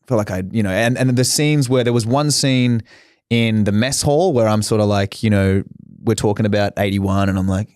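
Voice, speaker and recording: A man's voice: lowish voice, normal speed, darkish tone, smooth, no room sound, clean studio sound. A young man, an actor, telling candid stories in a casual interview and acting out the quotes. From Australia. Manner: candid storytelling with swearing and acted-out quotes. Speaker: actor guest.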